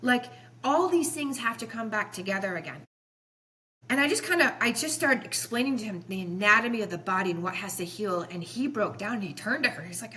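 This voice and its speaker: A woman's voice: on the high side, lively intonation, brisk, sharp tone. A woman in her forties, a chiropractor guest on a podcast, telling stories in an earnest, passionate, rambling way. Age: 40s. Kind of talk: emotional podcast storytelling.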